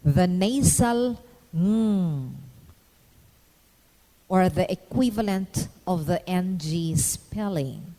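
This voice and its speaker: A woman narrating a scripted phonetics lesson in a measured, instructional way, pausing to demonstrate each sound. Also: lowish voice, lively intonation, dark tone, in a large hall, low-quality recording. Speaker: phonetics teacher.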